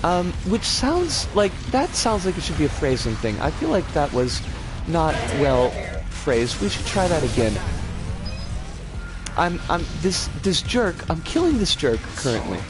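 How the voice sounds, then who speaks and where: A lively, up-and-down voice from a streamer playing through a game and chatting with viewers. The talk stumbles over frequent restarts and mild curses. Soft game music runs underneath. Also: medium pitch, unhurried. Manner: chatty, self-correcting, reads chat aloud. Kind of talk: live game stream commentary.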